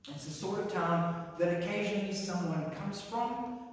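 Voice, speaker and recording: A man preaching a sermon, telling a story with lively voices for the crowd and slipping from playful to somber. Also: high-pitched, moderate pace. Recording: very echoey hall, mic far off.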